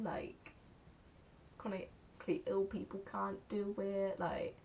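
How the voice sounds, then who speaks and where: A woman's voice: medium pitch, steady tone, slow pace, gravelly, a little mellow, a little hiss or hum. A young English woman chatting casually to camera in a rambling, self-mocking way, counting aloud as she goes. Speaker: vlogger.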